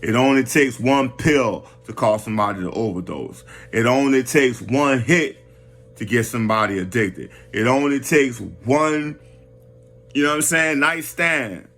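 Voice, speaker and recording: A man's voice: mid-range voice, measured pace, fairly bright tone, soft background music. A man giving a casual, slang-heavy boxing commentary rant, talking animatedly and restarting his phrases often.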